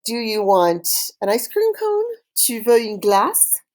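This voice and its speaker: A woman with a lively, rising-and-falling pitch leads a recorded online French vocabulary lesson. Each word comes out slowly, followed by a gap for students to repeat, and she responds with cheerful praise.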